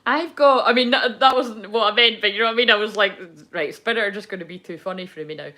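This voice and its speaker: A young adult woman with a medium-pitched, sharp voice talks fast through a casual live tarot chat. As the tarot reader, she rambles, swears freely, and laughs along.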